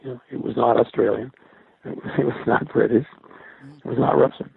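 Gravelly older man on a tinny line. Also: medium pitch, fairly even intonation, no room sound. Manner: halting, repeats and restarts words often. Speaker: veteran radio intercept linguist being interviewed. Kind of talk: recollecting in an interview. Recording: dry, tinny phone-like sound.

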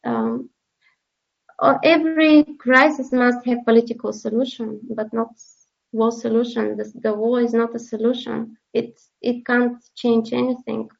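Woman journalist, slow and halting, gravelly voice, kinda dull lo-fi sound. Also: fairly high pitch, fairly even intonation. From Bulgaria. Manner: halting, many fillers and repeated words. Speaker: journalist, interview guest. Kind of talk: emotional interview testimony.

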